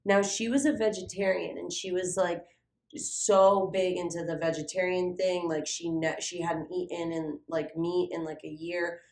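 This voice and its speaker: With a lowish voice at a moderate pace, a young adult woman on a podcast she co-hosts shares a casual story. The room echoes, and she's animated, swearing often and saying "like" a lot.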